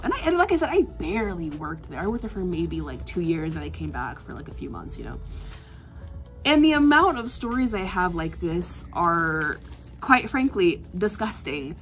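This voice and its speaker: In a casual chat, an art vlogger, a young woman with a mid-range voice, recounts something that happened at work. She sounds lively and fed up, with frequent sighs and filler words.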